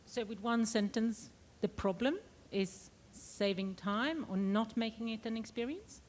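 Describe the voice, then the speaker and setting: A woman from Sweden moderating a conference panel on stage, speaking in an upbeat, lively way. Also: on the high side, a little slow, slight background noise.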